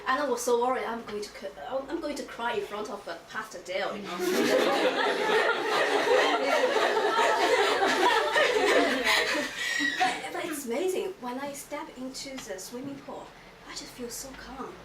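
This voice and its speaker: High-voiced woman giving halting testimony. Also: animated. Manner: halting, emotional, many restarts. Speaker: church member giving testimony. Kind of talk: personal testimony. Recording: echoey room, mic far off, noisy.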